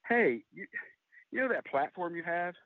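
Blunt, teasing older mother, a man putting her on, voice pushed high, tinny phone-line sound. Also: lively intonation, moderate pace, no room sound, close to an everyday voice.

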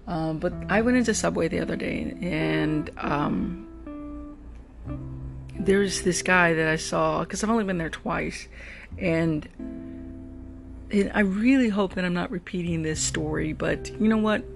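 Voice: medium pitch, measured pace, vocal fry, long pauses. A rideshare driver talking through a casual, reflective monologue, often repeating words while searching for the next thought. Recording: guitar music playing under the voice. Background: guitar music.

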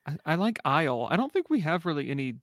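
Man, podcast guest, hesitant, thinks out loud, chuckles, dry close recording. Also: fairly high pitch, sing-song, fast talker, no room sound. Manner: hesitant, thinks aloud with restarts and laughs. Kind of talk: casual chat.

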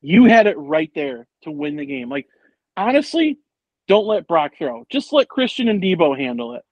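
A man with a fairly high voice chats about sports in a rambling, animated way, full of fillers and swearing. The sound is dull and lo-fi, and dry, with no room echo. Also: moderate pace. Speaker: podcast co-host. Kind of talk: casual sports chat.

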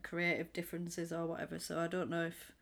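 A woman co-hosting a casual film podcast, chatty and animated, acting out her own reactions as she recaps scenes. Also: lowish voice, brisk, vocal fry. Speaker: podcast co-host. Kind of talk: casual film-discussion chat.

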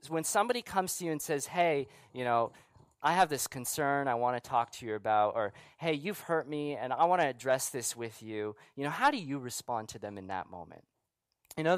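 A pastor preaching a sermon in a conversational way, with rhetorical questions and asides, sometimes dropping to a soft, quiet voice for emphasis. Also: male voice, on the high side, dry recording.

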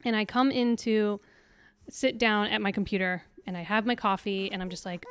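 A woman's voice: mid-range voice, fairly even intonation, a little fast, clean tone, no room sound. A young adult woman co-hosting a podcast, telling a story in casual chat and acting out the quotes. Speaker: podcast co-host.

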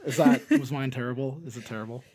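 A man with a Canadian accent chatting loosely as a podcast co-host. He rambles, circles back on himself and restarts sentences as he goes. His pitch sits at an ordinary middle level for a man. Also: fast talker, a little mellow, slightly rough. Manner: rambling, restarts often, laughs between remarks. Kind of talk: casual chat.

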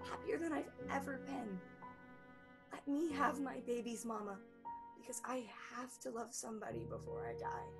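An actress playing a childlike grown woman who pleads with her stern mother in an earnest, halting way. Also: fairly high pitch, vocal fry. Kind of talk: stage drama acting.

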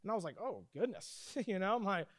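A pastor preaching with lively storytelling, his voice pitched high and smooth. He slows down and leans into the words when reading scripture, and the sound is dry and close. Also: no room sound. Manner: animated storytelling preacher, reads scripture slowly. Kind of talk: sermon.

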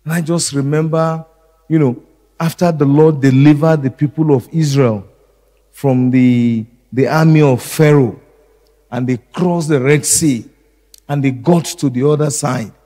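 A middle-aged male pastor preaching a sermon slowly and deliberately, repeating key phrases. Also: a little high, fairly even intonation, dark tone, in a large hall.

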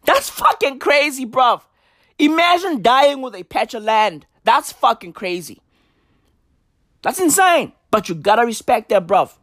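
A man's voice: very high-pitched, big pitch swings, a little slow, pushed and bright, no room sound, clean studio sound. A young man delivering a profane comedic rant, emphatic and slangy, repeating his points over and over. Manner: repetitive, emphatic, slangy, swearing. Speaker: comedic commentator.

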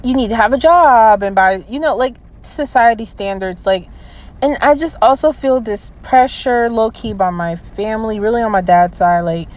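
A woman in her early twenties venting in a personal vlog. She talks hesitantly, with many fillers and trailing restarts, and sounds low and close to tears. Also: normal speed, darkish tone, rough recording. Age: 20s. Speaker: vlogger.

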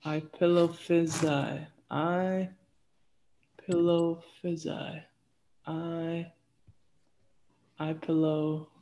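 A woman chatting as a podcast guest over a Zoom call, hesitant and laughing often, sounding out words slowly. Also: low voice, flat delivery, warm tone, poor audio. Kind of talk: casual chat.

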